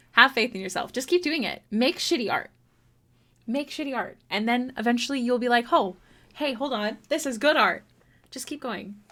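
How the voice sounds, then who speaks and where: A woman artist chatting casually with her viewers while drawing on a livestream, encouraging, laughing easily and swearing now and then. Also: fairly high pitch. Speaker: artist streamer.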